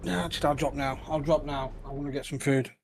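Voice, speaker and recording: A man's voice: mid-range voice, fairly even intonation, brisk, vocal fry, a little hiss or hum. A man in a trucking convoy chatting casually on voice chat, teasing and easygoing. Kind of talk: casual banter with friends.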